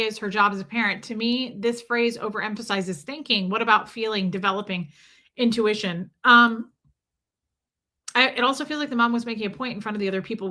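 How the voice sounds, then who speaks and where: A middle-aged woman hosts a casual livestream, chatting freely and calling out viewers by name. Her voice sits a little high and has a bright, forceful edge. She talks in an opinionated, conversational way. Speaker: livestream host. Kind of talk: casual livestream chat reading viewer comments.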